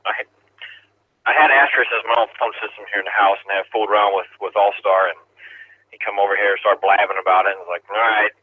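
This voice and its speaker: A man's voice: on the low side, no room sound. A man checking in to an amateur radio net, chatting in a rambling, amused way. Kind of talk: casual chat over the radio. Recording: tinny two-way radio audio.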